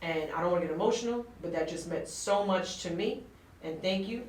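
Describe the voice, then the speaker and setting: A woman's voice: fairly low pitch, fairly quick, darkish tone, slight background noise. A woman hosting an interview, speaking in a heartfelt, rambling way. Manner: heartfelt, rambling, says "whereas" often. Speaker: host. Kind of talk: casual interview chat. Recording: echoey room, mic at a distance.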